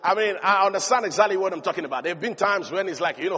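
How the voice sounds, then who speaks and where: A man preaching a sermon as a pastor, swinging passionately between loud exhortation and low storytelling. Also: fast talker, hardly any pauses, slightly rough. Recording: long reverb of a large hall.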